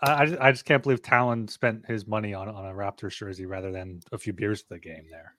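A man's voice: lowish voice, fairly even intonation, fast, sharp tone, no room sound. A man co-hosting a sports betting podcast, chatting casually and often repeating words as he talks. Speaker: podcast co-host.

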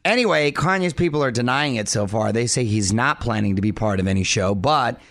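A man in his forties hosting a radio show with brisk, chatty patter on a studio mic. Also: medium pitch, expressive, fairly bright tone, no echo. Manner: brisk, chatty, quick to laugh.

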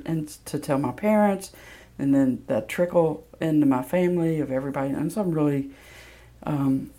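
Lady spinning a candid story, gravelly mellow voice, lotsa ums. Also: deep voice. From Mississippi, USA. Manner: candid, self-deprecating, loose with fillers. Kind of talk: personal storytelling.

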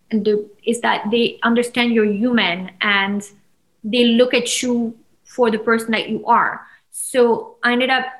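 A woman's voice: fairly high pitch, low-quality recording. A woman in her thirties from France, a guest telling a personal story with feeling and acting out what others said. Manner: animated, acts out quoted voices with sudden loud peaks. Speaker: interview guest.

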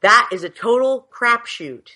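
A woman's voice: fairly high pitch, expressive, a little slow, pushed and bright. A woman co-hosting a podcast, talking in a chatty, rambling and frank way over a video call. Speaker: podcast co-host. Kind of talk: casual chat. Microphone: headset on a video call.

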